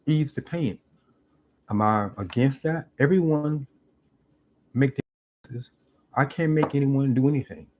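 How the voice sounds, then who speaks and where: A man's voice: medium pitch, a little mellow. Earnest man in a preachy monologue. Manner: earnest, preachy, repeats phrases for emphasis. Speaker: YouTube commentator. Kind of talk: reflective monologue. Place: parked car.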